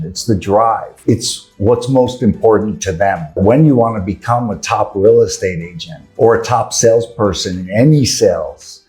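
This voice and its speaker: A man from New York with a New York accent, giving a brisk, earnest sales training talk and asking rhetorical questions. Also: on the low side, a little mellow. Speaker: sales coach.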